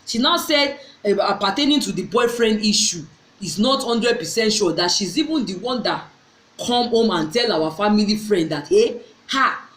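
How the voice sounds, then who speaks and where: A woman's voice: medium pitch, expressive, normal speed, a bit bright, slight background noise. A middle-aged woman tells a personal story to her viewers, earnestly, often repeating and restarting her phrases. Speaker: vlogger. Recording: echoey room.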